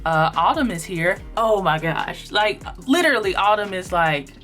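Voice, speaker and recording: A woman's voice: mid-range voice, expressive, moderate pace, fairly bright tone, faint music behind. A woman casually narrating a sticker book flip-through, chatty and upbeat with frequent ums and likes. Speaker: planner sticker vlogger.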